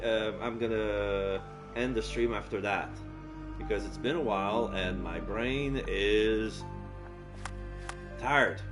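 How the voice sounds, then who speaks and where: A man casually commenting while streaming a game, blunt and swearing at times. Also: mid-range voice. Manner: blunt, swears, mutters reactions. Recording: game music behind.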